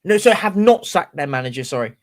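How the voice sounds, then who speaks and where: A man co-hosting a casual football fan podcast, animated and ranting, often mimicking other fans. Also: a little high, fairly quick. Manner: animated, ranting, quotes fans in mocking voices. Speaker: podcast co-host.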